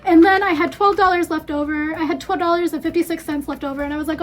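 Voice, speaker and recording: A young-sounding woman with a high voice talks her way through a shopping haul at her desk. She rambles and fills pauses with "um," sounding slightly out of breath. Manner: chatty, rambling with many fillers. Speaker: beauty vlogger. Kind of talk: casual haul vlog.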